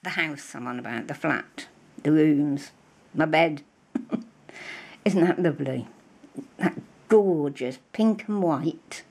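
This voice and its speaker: In her casual vlog, an older crafting vlogger with a British English accent rambles enthusiastically about her craft supplies. She has a low, slightly mellow voice with vocal fry and a breathy edge.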